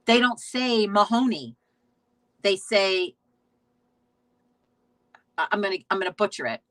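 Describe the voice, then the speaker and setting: A woman's voice: medium pitch, animated, unhurried, fairly bright tone, dry recording, poor audio. A woman hosting a casual live stream, chatting in a rambling way, reading out viewer comments, swearing freely and restarting her sentences. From United States. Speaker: host of a witchcraft talk stream.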